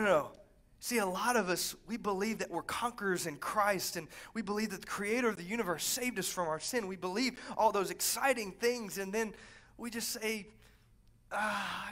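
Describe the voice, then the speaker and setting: A man preaching a lively, conversational Pentecostal sermon, swinging from quiet asides to fervent shouts. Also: high voice. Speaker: pastor.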